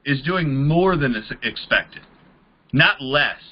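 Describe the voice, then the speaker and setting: High-voiced man coaching recruiters. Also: animated, takes it slowly, dull audio. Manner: casual, acts out both sides of conversations. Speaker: network marketing trainer. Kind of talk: training talk to a group.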